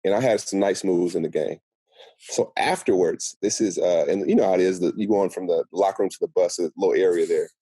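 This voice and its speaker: Fast-talking man with a husky low voice. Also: no echo. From Seattle. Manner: animated storyteller acting out quotes. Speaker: guest. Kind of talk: casual podcast storytelling.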